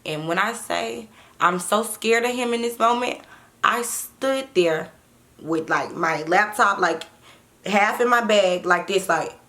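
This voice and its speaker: Animated woman telling a story. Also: medium pitch, slow. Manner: animated, profane, talks straight to viewers. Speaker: storytime vlogger. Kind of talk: casual storytelling to viewers.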